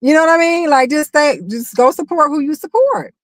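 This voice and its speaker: A woman co-hosting a casual livestream chat, expressive and asking viewers rhetorical questions. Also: high voice, a little fast, no room sound. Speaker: livestream co-host.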